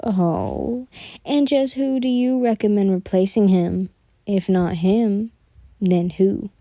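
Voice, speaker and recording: A woman voicing a cocky young male fighter who mocks calmly, in a whispered role-play. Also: medium pitch, slow, no room sound. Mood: smug teasing. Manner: mocking, calm and smug.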